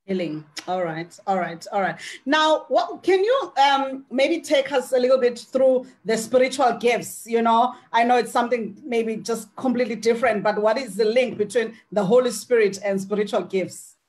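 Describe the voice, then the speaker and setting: A South African woman hosts a talk show interview with a slightly high-pitched voice. She keeps up soft murmurs of agreement while her guest talks. Then she steps in with questions. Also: normal speed. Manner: frequent soft backchannel murmurs. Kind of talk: interview hosting.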